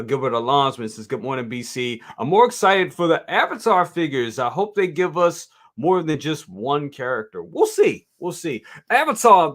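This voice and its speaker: This man's voice is a little high with a fairly bright tone. He hosts a live toy review stream, chatting casually and reading viewer comments aloud, speaking directly to his audience, repeating himself a lot and laughing easily.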